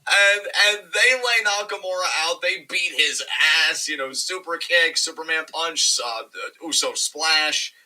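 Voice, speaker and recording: Bright, swearing, animated male podcaster. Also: fairly high pitch, unhurried, few pauses, poor audio. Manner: animated, profane, rambling. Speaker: podcast co-host. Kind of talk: casual wrestling review chat.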